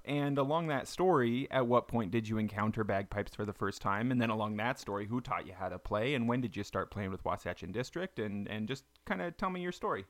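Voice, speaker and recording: A man's voice: medium pitch, fairly bright tone, dry recording. Jokey male podcast host. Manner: jokey, rambling questions. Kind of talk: casual podcast interview.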